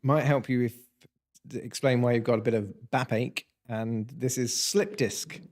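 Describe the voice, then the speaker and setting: A man's voice: medium pitch, fairly even intonation, unhurried, darkish tone. A man hosting a casual livestream quiz, jokey and punning as he reads out answers. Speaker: quiz host.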